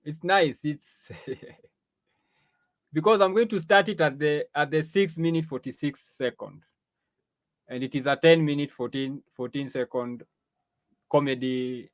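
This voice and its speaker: A man's voice: a little high, fairly even intonation, unhurried, pauses often, no room sound. A man hosting a talk show, commenting on clips in a chatty way and often repeating words as he talks. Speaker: host.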